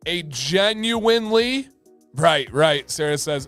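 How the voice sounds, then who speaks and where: A man hosting a livestream in casual chat, energetic and talkative, often repeating words for emphasis. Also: fairly high pitch, slow pace, soft background music. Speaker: livestream host.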